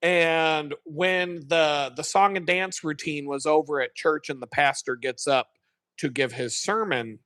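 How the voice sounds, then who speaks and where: A man chats casually to his live-stream viewers, rambling through a story with plenty of swearing and self-corrections. His voice is bright and forceful and sits a little high. The sound is close and dry. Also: fairly even intonation, measured pace, no echo. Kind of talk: casual chat, retelling a sermon.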